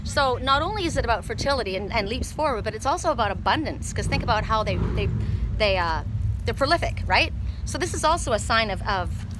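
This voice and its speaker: A woman's voice: fairly high pitch, animated, fairly quick, noisy background. A woman giving a casual tarot reading outdoors near a street, emphatic and repeating herself. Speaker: tarot reader.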